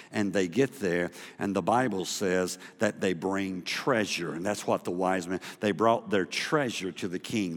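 A middle-aged man preaching a sermon as pastor, animated, acting out the voices of the people in his story and rising to loud emphasis. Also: lowish voice. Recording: long reverb of a large hall.

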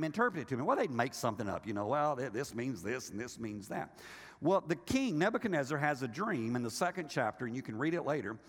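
An older male pastor delivers an animated sermon, slipping into quoted voices and teasing his congregation. His fairly high voice rises and falls widely. The sound carries the long reverb of a large hall.

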